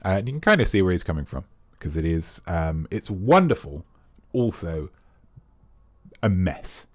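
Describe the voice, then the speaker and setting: A man's voice: deep voice, big pitch swings, moderate pace, no room sound, studio quality. A man hosting a trivia quiz, reading out questions and answers in a casual, playful way with jokey, rambling asides. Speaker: quiz host.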